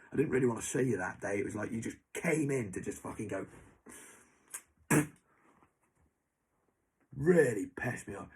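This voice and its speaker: A young man with a lowish, slightly rough voice rants angrily at someone who isn't there. He swears heavily and keeps repeating that person's name throughout the monologue.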